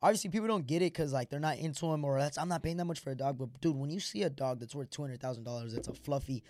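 A young man chatting on a podcast, talking very fast, with a slightly high voice. He is excitable and profane, and the sound is dry and close. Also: dry recording. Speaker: podcast guest. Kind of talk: casual podcast storytelling.

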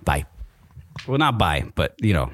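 A man's voice: low-pitched, big pitch swings, measured pace, no room sound, studio quality. A man hosting a podcast, telling a personal story in a rambling, casual way with many fillers and restarts. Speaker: podcast host. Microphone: microphone with camera.

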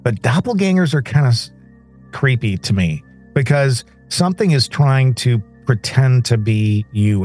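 A man's voice: mid-range voice, darkish tone, husky. Musing male podcast co-host. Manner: musing, conversational. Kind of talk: casual chat.

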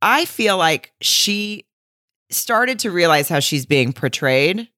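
A woman's voice: on the low side, sing-song, takes it slowly, pushed and bright, no echo, studio quality. A woman co-hosting a podcast, candidly chatting about a reality show, swearing and laughing often. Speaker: podcast co-host. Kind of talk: casual chat recapping a reality show.

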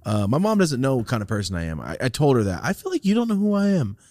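A man co-hosting a podcast, telling stories in a casual, profane, animated way, jumping into loud high-pitched outbursts when he quotes people. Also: fast, no room sound, studio quality. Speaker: podcast co-host.

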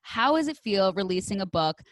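A woman's voice: medium pitch, very animated, moderate pace, dry recording, studio quality. Chatty young woman hosting a podcast. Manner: chatty, gushing, filler-heavy. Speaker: podcast host. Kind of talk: casual podcast chat with ad reads.

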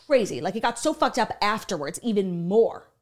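A woman's voice: medium pitch, normal speed. Podcast lady retelling a true crime doc, swears a lot, does little voices for the quotes. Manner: animated, swearing, acts out quotes. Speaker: podcast co-host. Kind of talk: casual chat, retelling a true crime documentary.

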